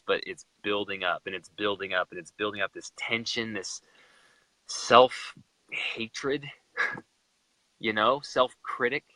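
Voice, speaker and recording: A man's voice: medium pitch, bright, forceful tone, no room sound, poor audio. A young man from Utah, a guest in a live chat, retelling a personal story with emotion and animation.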